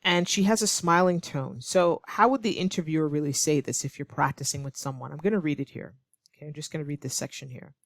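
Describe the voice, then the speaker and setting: A woman teaching English online, explaining clearly and patiently, now and then acting out example lines to show tone. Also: deep voice, quick pace, no echo, clean studio sound. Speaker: ESL teacher.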